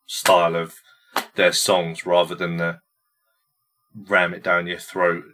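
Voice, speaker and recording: A man with a fairly low voice gives his opinions in a relaxed podcast conversation. He stops and restarts often, filling pauses with "um" as he works out what he wants to say. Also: over music. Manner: hesitant, with frequent restarts and "um"s. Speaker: podcast co-host giving his reactions. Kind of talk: casual podcast chat.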